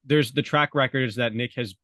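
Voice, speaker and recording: A man's voice: mid-range voice, steady tone, normal speed, pushed and bright, dry recording, studio quality. A man talking casually on a podcast, hesitant, restarting sentences and hedging his opinions. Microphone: remote call from home.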